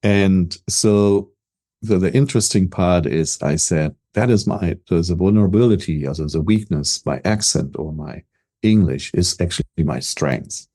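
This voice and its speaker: An older man from Germany with a German accent, talking as a business coach in an interview, self-assured and energetic, often repeating words as he starts a thought. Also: low voice, measured pace. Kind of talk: casual interview talk.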